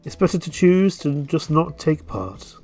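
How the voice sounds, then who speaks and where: A man voicing a sulky, scornful young goth woman in a game, in a put-on high voice. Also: sing-song, unhurried, a little mellow, faint music behind, exaggerated voice. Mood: gloomy.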